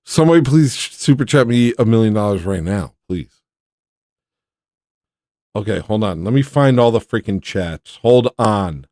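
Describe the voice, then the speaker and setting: A man's voice: on the low side, expressive, a little slow, a little mellow, dry recording, clean studio sound. A man hosting a livestream, chatting casually with viewers in an exasperated, incredulous, mock-outraged way. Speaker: livestream host.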